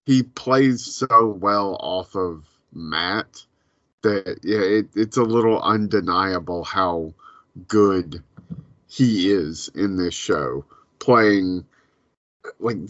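A man co-hosting a podcast, chatting casually in a halting, hesitant way full of fillers. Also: sits low, expressive, fairly bright tone, no room sound, dull audio. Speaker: podcast co-host. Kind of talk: casual chat reviewing a show.

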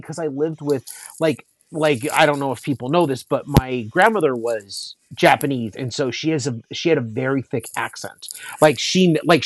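A man's voice: mid-range voice, no room sound. A man co-hosting a casual movie talk, rambling with many fillers and restarts. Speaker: podcast co-host.

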